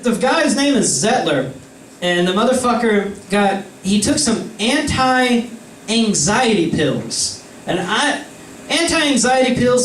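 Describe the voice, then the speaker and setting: High-voiced young man telling a rowdy story. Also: fairly bright tone, slight background noise. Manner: profane, rambling storytelling. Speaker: storyteller among friends. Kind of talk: casual anecdote. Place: indoor room with friends. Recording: roomy, distant mic, faint ambience.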